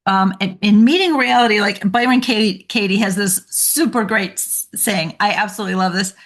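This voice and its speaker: A woman coach, a guest on a podcast interview, telling stories in an animated way and laughing often. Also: mid-range voice, normal speed.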